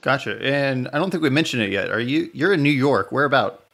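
A man's voice: mid-range voice, animated, fairly quick, a bit bright. Male podcast host, casual interviewer, easy conversational questions, short friendly replies.

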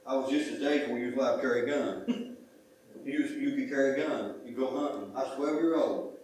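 A man's voice: mid-range voice, brisk, a little mellow, a little hiss or hum. A middle-aged man preaching a sermon as pastor, talking in a folksy, conversational way and repeating himself for emphasis. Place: church sanctuary. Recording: echoey church sanctuary from a far mic.

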